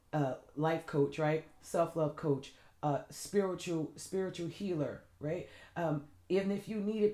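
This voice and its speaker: Warm-voiced woman giving a motivational talk. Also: on the low side. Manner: earnest, keeps asking "right?". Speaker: self-love and fitness coach. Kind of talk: motivational self-help talk. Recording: echoey room.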